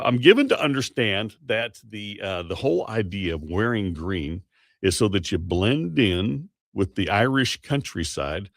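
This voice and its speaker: Gravelly-voiced chatty male radio host. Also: on the low side, no room sound, studio quality. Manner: rambling, self-correcting, chatty. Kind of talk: casual morning radio talk. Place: radio studio. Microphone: studio microphone.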